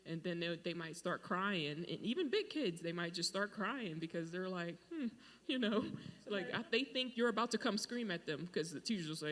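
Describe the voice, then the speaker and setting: A man's voice: high voice, fairly quick. A man who works as a school administrator, talking earnestly in a casual podcast discussion and acting out what he says to children. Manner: earnest, animated storytelling with acted-out quotes.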